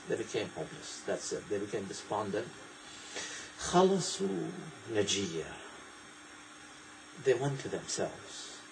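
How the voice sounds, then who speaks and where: A man preaching a sermon, explaining scripture in a digressive, lively way and reciting in quick bursts. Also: mid-range voice, background noise.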